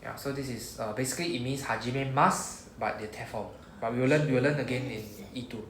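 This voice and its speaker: A man's voice: medium pitch, quick pace, a bit bright. Singaporean man teaching in an echoey classroom. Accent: Singaporean English. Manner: patient, explaining step by step with models to repeat. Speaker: Japanese teacher. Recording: echoey room with faint noise.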